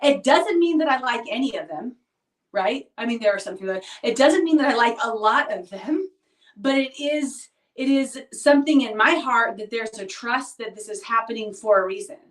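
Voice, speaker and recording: Woman, thirties, confiding vlog monologue; higher voice, recorded from a distance in an echoey room. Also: lively intonation, normal speed. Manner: earnest, confiding, often asks "right?". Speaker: vlogger. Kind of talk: reflective personal monologue. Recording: roomy echo, distant mic.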